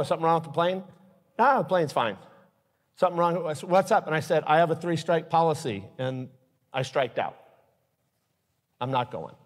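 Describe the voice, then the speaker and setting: Man speaking at a pilots' safety forum, earnest and emotional, slightly high voice, long hall reverb. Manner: earnest, emotional, blunt warnings. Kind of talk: live safety talk to pilots. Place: forum at an airport hangar venue.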